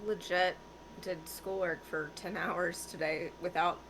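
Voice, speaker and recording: A young woman playing a tabletop role-playing game, chatting in a relaxed, rambling way with fillers. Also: fairly low pitch, measured pace, a crowd in the background, rough recording. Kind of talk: casual chat.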